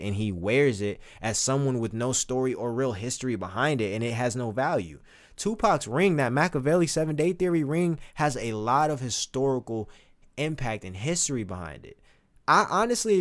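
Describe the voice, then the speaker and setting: A man streaming casual, animated, profane commentary, reading lyrics aloud between remarks. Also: a little high.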